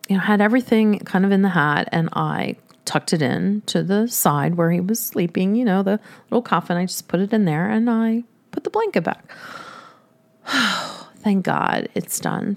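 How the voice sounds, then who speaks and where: A woman's voice: mid-range voice, vocal fry. A middle-aged woman telling a personal story in a chatty way, laughing often.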